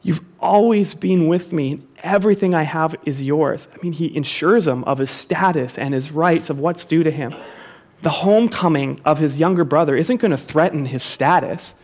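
A man's voice: on the high side, moderate pace, a little mellow. A pastor preaching a sermon to his congregation, repeating key phrases for emphasis and calling the listeners to say them back with him.

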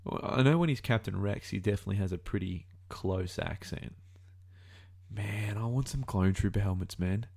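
A young Australian man talks through a casual reaction video with a somewhat low voice. He muses aloud as he goes, drifting between thoughts and correcting himself mid-sentence. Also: moderate pace, creaky, a little mellow. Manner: musing aloud, rambling, self-correcting.

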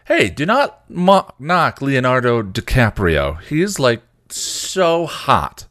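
A man's voice: sing-song, normal speed, natural voice. A man voicing a giggly teenage girl who talks in breathless valley-girl style, reading a story aloud. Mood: bubbly teen. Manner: breathless valley-girl "like" talk, squeaky when flustered. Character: bubbly teenage girl, giggly and eye-rolling.

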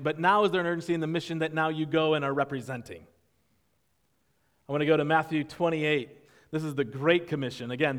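Man preaching a lively sermon in a reverberant hall. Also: fairly high pitch. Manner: animated, acts out disciples' reactions in voices. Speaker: pastor. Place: church sanctuary.

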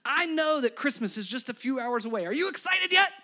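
A man preaching a Christmas Eve sermon, animated and playful, speaking to the kids and parents in the room. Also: very high-pitched, fairly quick. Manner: animated, playful asides to children. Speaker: pastor.

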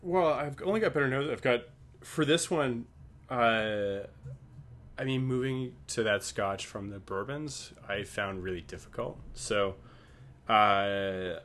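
A man's voice: mid-range voice, unhurried. A man who is a guest on a casual podcast chat, joking in a wry way about his tasting notes. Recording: loud background noise.

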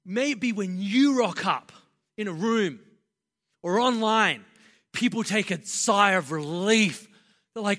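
A man preaching a sermon as pastor, passionate and building to loud, emphatic delivery. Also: very high voice, measured pace. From Australia. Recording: long reverb of a large hall.

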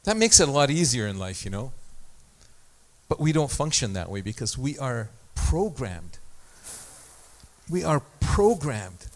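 A man's voice: medium pitch, very animated, a little slow, long pauses. A man preaching a sermon as pastor, talking in a conversational way with self-deprecating asides and small stories.

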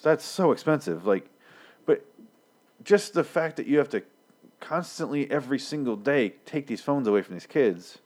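A man's voice: mid-range voice, darkish tone. A man in his thirties giving a rambling, profane casual recap of a TV episode, slipping into characters' lines. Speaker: show recapper.

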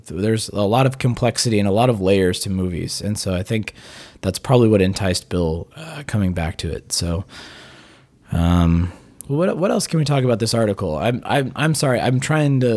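Hoarse, raspy male podcast host. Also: fairly low pitch, darkish tone. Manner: rambling, restarts often. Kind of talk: casual chat.

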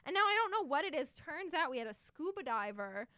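This is a casual podcast chat from a young female co-host whose high-pitched voice runs a little fast, recorded with no room sound. She tells stories animatedly, giggling and laughing often.

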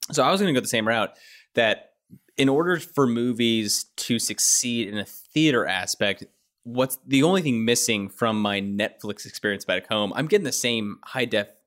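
Male podcast co-host, middle pitch, casual and jokey, reads aloud. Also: moderate pace, a bit bright. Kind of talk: casual chat.

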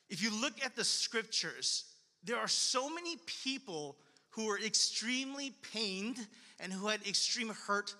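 Male pastor, casual earnest sermon delivery, bright tone, long reverb of a church hall. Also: sits high. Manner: earnest, conversational, repetitive.

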